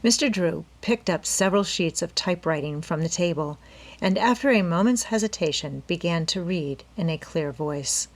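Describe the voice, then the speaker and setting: A woman's voice: fairly low pitch, expressive, moderate pace. Woman narrating a storybook. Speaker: audiobook narrator. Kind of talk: scripted narration.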